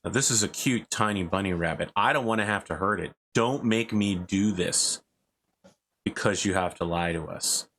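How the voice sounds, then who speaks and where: A man voicing a calmly menacing male interrogator. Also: low-pitched, normal speed, slight background noise. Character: menacing male interrogator, threatening yet calm.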